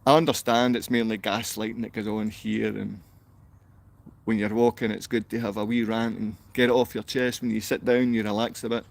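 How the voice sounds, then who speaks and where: A man's voice: on the low side, level tone, normal speed, creaky. Man ranting angrily at his livestream chat. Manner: confrontational, insulting, reading comments aloud. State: downcast. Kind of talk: casual livestream rant.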